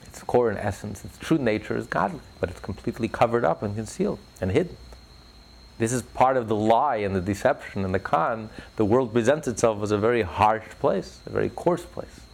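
A man's voice: lowish voice, lively intonation, brisk, creaky, breathy edge. A man giving an impassioned religious talk in an interview, fervent and building to emphatic peaks. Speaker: religious speaker.

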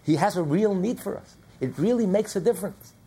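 Male rabbi leading a class, fry in the voice, animated teacher who drives each point home. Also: high voice, a little fast. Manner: animated, asks and answers his own questions. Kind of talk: Torah class lecture.

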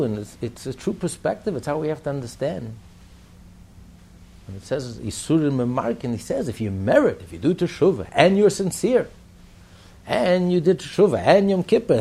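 A man teaches Torah with emphasis, going over his points again and again and asking rhetorical questions. His voice is on the high side, gravelly and mellow, with a slightly rough texture.

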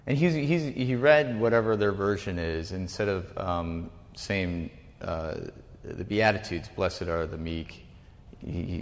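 Man, low-ish voice, casual Bible-class teacher; rambles and self-corrects; hall reverb. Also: takes it slowly. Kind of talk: informal teaching talk to a group.

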